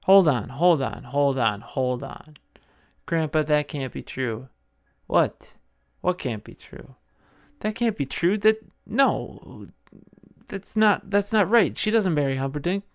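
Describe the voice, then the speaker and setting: A man's voice: a little high, animated, takes it slowly, dry recording, clean studio sound. A man voicing a whiny, indignant young boy who protests while hearing a story. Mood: protesting.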